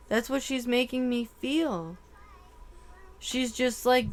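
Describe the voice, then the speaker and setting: A woman tarot reader giving a channeled reading, emotional and halting, full of "like" fillers. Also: a little high.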